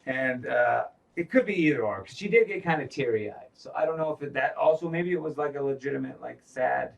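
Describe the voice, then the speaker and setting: Casual podcast co-host, male, mid-pitched, heavy cursing, recaps scenes, a bit off-mic. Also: animated, fairly quick, gravelly, distant mic, highs cut off. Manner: profane, retells scenes quoting characters.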